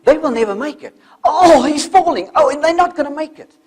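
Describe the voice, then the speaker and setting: A man voicing a fretful crowd of onlookers, in a high, despairing tone. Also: expressive, brisk. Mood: alarmed.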